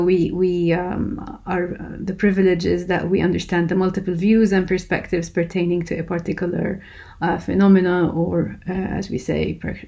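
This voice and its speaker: A woman's voice: fairly low pitch, darkish tone. A woman lecturer explaining a research method, talking hesitantly with many fillers and restarts. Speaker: university lecturer. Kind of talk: recorded lecture.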